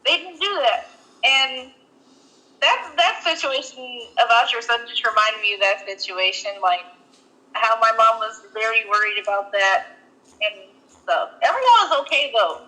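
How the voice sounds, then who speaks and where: High, bright young woman telling a story. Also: measured pace, low-quality recording. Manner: rambling, many "like" fillers and restarts. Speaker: podcast co-host. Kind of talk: casual storytelling chat.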